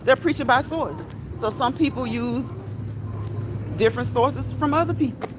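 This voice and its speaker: A woman's voice: high voice, normal speed. A woman hosting a live stream while walking outdoors, chatting to viewers, reading their comments aloud and tagging lines with "okay?" and "right?". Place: outdoors near a street and train tracks. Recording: outdoor street with traffic noise. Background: passing cars and a train.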